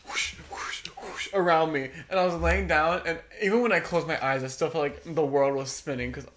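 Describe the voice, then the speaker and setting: A young woman co-hosting a casual podcast chat, giggly and breaking into loud laughter as she tells stories. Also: sits low, fairly even intonation, fairly quick. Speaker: podcast co-host.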